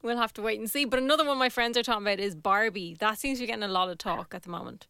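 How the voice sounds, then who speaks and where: A woman's voice: a little high, bright, forceful tone, clean tone, no echo, studio quality. A woman hosting a casual radio interview, friendly and curious. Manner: friendly, curious, quick to agree. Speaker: radio host.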